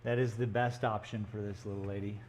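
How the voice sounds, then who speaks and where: A man's voice: fairly low pitch, flat delivery, a little fast, darkish tone. A man chatting casually and joking in rambling asides while he paints live in an art gallery studio. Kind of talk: casual live-stream chat.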